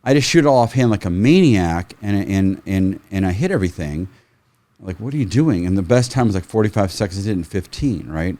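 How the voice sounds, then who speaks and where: Low-voiced man telling animated stories. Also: fairly quick. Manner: animated, swears, acts out quotes. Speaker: firearms trainer, podcast guest. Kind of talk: casual storytelling.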